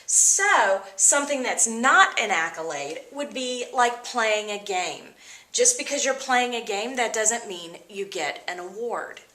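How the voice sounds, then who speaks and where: A woman teacher explaining vocabulary words to her students in an upbeat, expressive way. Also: fairly high pitch, a little slow, roomy sound, slight background noise. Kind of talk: vocabulary lesson.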